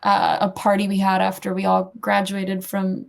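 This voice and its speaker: Gravelly-voiced woman musing on a podcast. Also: medium pitch, monotone, normal speed. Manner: musing, filler-heavy, lots of "like". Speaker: guest, magazine editor and curator. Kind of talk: casual podcast chat.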